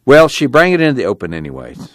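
A man's voice: mid-range voice, wildly swooping pitch, quick pace, dry recording, pitched above the performer's own voice. Man reading a sulky, sarcastic farmer father, dry close sound. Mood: grumbling. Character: older farmer father, proud and grumbling.

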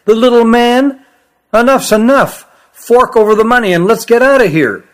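A man voicing a brash, skeptical teenage boy who talks loudly and mockingly in a storybook reading. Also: very high voice, moderate pace, voice pushed up. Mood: scoffing. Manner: loud, mocking.

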